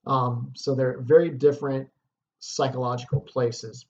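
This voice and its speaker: A man's voice: mid-range voice, level tone, measured pace, darkish tone, dull audio, a little hiss or hum. A man teaching a lesson, explaining a play in a casual way with fillers and check-ins.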